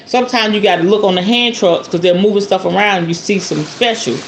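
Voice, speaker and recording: An excitable woman talks straight to her viewers in a chatty, animated way while she unboxes things. Her voice sits at a middle pitch, with faint room sound underneath. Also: a little fast, a little hiss or hum. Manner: chatty and animated, calls viewers "y'all" and "honey"; excitable storyteller, acts out shop talk. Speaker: spiritual channel host.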